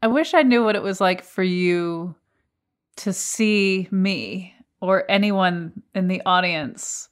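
A woman's voice: medium pitch, slow pace. Chatty effusive woman interviewer. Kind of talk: interview conversation.

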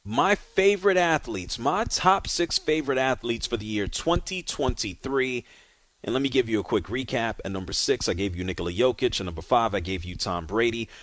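A man hosting a sports talk radio show, speaking casually and directly and moving callers along briskly. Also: mid-range voice, lively intonation, a bit bright, no room sound.

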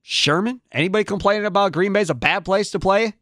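A man's voice: sits high, fast, fairly bright tone, no room sound, studio quality. A man hosting a sports talk radio show, ranting in a fired-up way and firing off repeated rhetorical questions.

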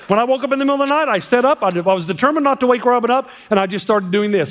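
A man preaching a sermon as a pastor, impassioned, swinging between hushed and emphatic delivery. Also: very high-pitched, very fast, hardly any pauses. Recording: long reverb of a large hall.

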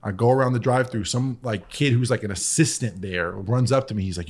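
A man's voice: mid-range voice, a little fast, a little hiss or hum. A man appearing as a podcast guest in casual chat, telling stories in a laid-back way full of "like". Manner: laid-back storyteller, frequent "like".

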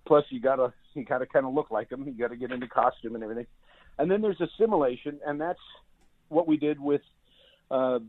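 A man's voice: mid-range voice, no room sound. A male voice actor chatting as an interview guest, rambling with lots of fillers and restarts. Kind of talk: casual interview chat. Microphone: phone. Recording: tinny phone line.

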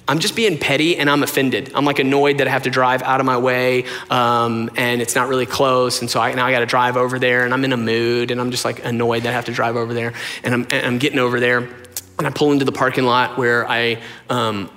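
A man's voice: mid-range voice, level tone, fast talker, sharp tone. A man, a pastor, telling a story in a casual, rambling, self-deprecating sermon with plenty of fillers. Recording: long reverb of a large hall.

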